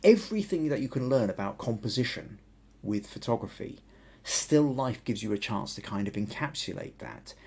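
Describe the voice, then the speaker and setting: A man's voice: medium pitch, lively intonation, moderate pace, creaky, a little mellow, husky. A man with a Southern English accent hosting a live photography podcast, explaining ideas thoughtfully and often restarting his sentences. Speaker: podcast host.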